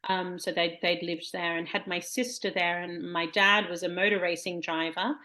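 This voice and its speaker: Low-voiced Australian woman in her forties. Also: level tone, moderate pace, bright, forceful tone. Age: 40s. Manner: reflective, laughs easily, trailing restarts. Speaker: guest poet. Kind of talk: casual chat.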